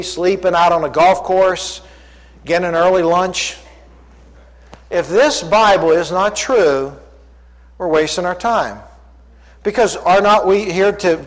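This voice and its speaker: A man preaching a sermon, emphatic and full of rhetorical questions, in a church sanctuary. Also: high voice. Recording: long hall reverb.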